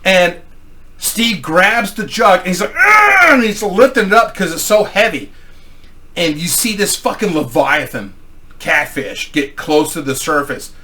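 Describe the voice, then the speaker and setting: A man's voice: high-pitched, measured pace, sharp tone. A man from Missouri telling a rambling, profanity-filled anecdote in a casual style. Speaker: storyteller.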